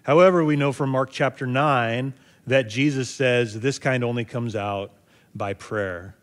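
After reading a passage of scripture, this man explains it like a sermon, conversational and reflective, dropping in a filler now and then. He speaks at a measured pace in a mid-range voice.

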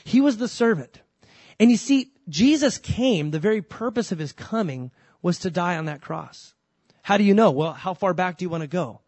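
Animated preacher man, conversational sermon. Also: high-pitched, normal speed, no room sound. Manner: swings between loud emphasis and soft asides. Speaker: pastor.

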